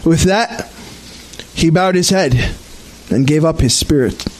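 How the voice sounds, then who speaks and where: A man with a notably high voice leads worship as pastor at an outdoor service. He reads the scripture slowly and solemnly, giving each phrase careful weight. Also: slight background noise, poor audio. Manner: slow, measured, solemn reading. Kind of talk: liturgical scripture reading.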